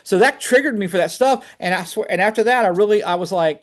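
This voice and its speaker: A man telling personal faith stories on a video call, animated and chatty, often saying "man". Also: high voice, quick pace, hardly any pauses. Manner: animated storytelling, fillers like "man". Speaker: guest speaker. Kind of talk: casual testimony on a video call.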